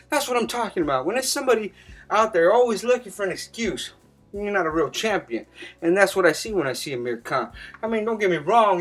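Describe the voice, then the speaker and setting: A man's voice: high-pitched, a bit bright. A young man giving casual boxing predictions, rambling and swearing a lot, his voice jumping up when he gets worked up. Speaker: boxing commentator making fight predictions. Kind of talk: casual profane monologue.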